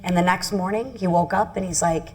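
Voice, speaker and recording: Earnest middle-aged congresswoman, slightly low voice. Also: steady tone, fairly quick, a little mellow. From Michigan. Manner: earnest, candid, self-critical storytelling. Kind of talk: panel discussion, personal story.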